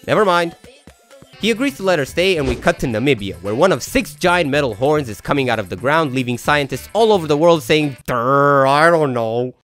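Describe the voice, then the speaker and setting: Guy doing a snarky movie recap, kinda high voice that bounces all over, little music in the back. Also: very animated, quick pace, few pauses. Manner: sarcastic, jokey asides. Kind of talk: comedic movie recap narration.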